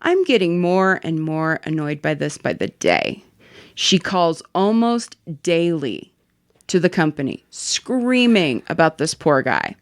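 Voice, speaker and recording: A woman reading a story aloud in an animated, casual way. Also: low voice, a little slow, no room sound, clean studio sound. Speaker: story reader.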